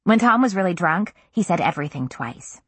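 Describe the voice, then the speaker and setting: A woman narrating a first-person novel in an intimate, even storytelling manner. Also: on the low side, fairly quick, husky, no echo. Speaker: audiobook narrator.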